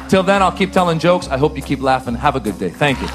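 A man's voice: a little high, expressive, fast talker, loud music behind the voice. A male comedian delivering a comic monologue, building to punchlines and acting out quoted exchanges.

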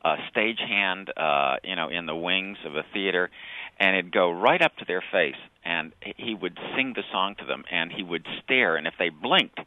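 A man telling anecdotes as a guest on a radio interview, halting at times with fillers. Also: sits low, animated, phone-quality sound.

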